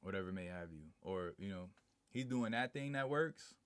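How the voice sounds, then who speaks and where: A man's voice: sits low, lively intonation, normal speed, fairly bright tone, clean tone, dry recording. A man live streaming in a casual, slangy way, reading viewer comments aloud and chatting back. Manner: slangy, laid-back, reads chat aloud and answers it.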